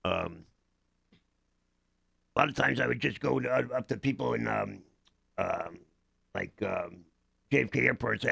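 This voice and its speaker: A man's voice: mid-range voice, moderate pace, gravelly, pauses often, a bit bright, slightly rough, dry recording. An older man, a guest actor on a radio show, telling rambling stories in casual talk, with many fillers and restarts. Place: radio studio.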